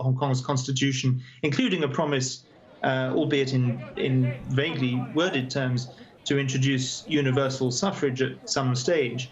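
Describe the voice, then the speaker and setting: A man giving a remote news interview as the chair of an advocacy group, speaking over a video call in a measured, earnest way with frequent hesitations. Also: medium pitch, muffled recording.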